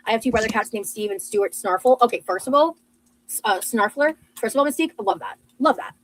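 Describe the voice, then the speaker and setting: A woman's voice: a little high, expressive, fast, slight background noise, rough recording. A young adult woman chatting casually on a livestream, gushing over viewers' comments with lots of fillers. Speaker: livestreamer reading chat. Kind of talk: casual livestream chat while cooking.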